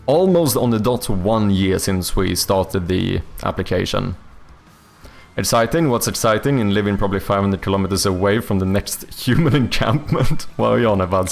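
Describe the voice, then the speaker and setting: A Swedish man speaks English with an accent that leans British, and his voice sits a little low with a gravelly edge. He chats loosely with his stream, full of "like" and restarts. Faint music plays behind him. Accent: Swedish speaker leaning toward a British accent. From Sweden. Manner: rambling, chatty, many fillers and restarts. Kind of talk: casual livestream chat, reading and answering chat.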